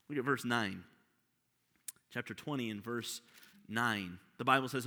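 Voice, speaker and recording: A man's voice: mid-range voice, normal speed, pushed and bright. Man preaching in a reverberant hall. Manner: preaching with rhetorical questions to the congregation. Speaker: pastor. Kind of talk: sermon.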